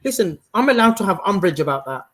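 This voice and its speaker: A man's voice: sits high, sing-song, fast talker, a loud crowd, rough recording. A man on a live panel chat, laid-back, laughing often and slipping into Punjabi. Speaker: panel participant.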